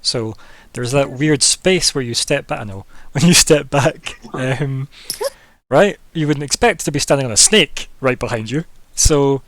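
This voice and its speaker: A man's voice: medium pitch, measured pace, no room sound. A man running a tabletop game as game master, in casual talk, laughing often and asking the players what they do.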